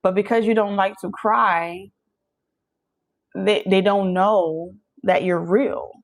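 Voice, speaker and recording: A woman giving a casual channeled tarot reading, talking straight to her viewers in an animated, preachy way and laughing often. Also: mid-range voice, slow pace, low-quality recording. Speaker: tarot reader.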